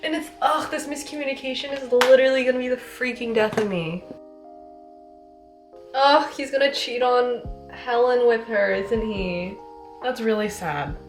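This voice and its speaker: A young woman talking casually in a vlog about a book she is reading, chatty and filling her talk with "like", moving between flat asides and exasperated outbursts. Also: a little high, moderate pace, over music. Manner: chatty, says "like" constantly, swings from deadpan to exasperated. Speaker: book vlogger.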